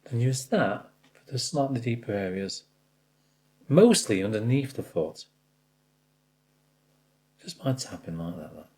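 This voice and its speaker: Male art tutor, warm and lively, chatty teaching manner. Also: lowish voice, unhurried, pauses often. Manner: chatty, addresses the viewer directly, jokes at his own slips. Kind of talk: step-by-step painting tutorial.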